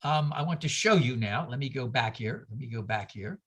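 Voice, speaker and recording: An older man from New York teaching a class on a video call, animated and digressive, with anecdotes and asides. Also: medium pitch, a little fast, slightly rough.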